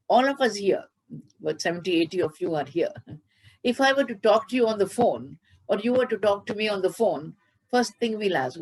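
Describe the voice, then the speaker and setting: Woman preacher, husky, animated storyteller, chants verses, video-call mic. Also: fairly low pitch, normal speed. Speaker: spiritual teacher. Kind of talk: devotional discourse with storytelling.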